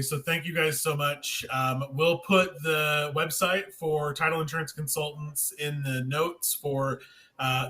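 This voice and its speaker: A man's voice: on the high side, pushed and bright. A man hosting a webinar, friendly and thankful, wrapping up over a video call. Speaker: webinar host. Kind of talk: casual video-call wrap-up.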